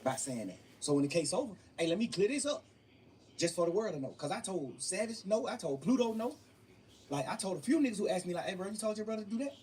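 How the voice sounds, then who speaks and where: A man's voice: high voice, sing-song, fairly quick, a little mellow. A young man being interviewed, telling his story emphatically and profanely, often repeating phrases. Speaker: interview guest. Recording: distant mic with faint room noise.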